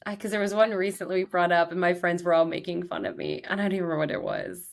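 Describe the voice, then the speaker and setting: Chatty excitable young woman host. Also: fairly low pitch, racing, vocal fry. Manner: chatty and excitable, many fillers like "like". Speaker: podcast host. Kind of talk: casual solo chat.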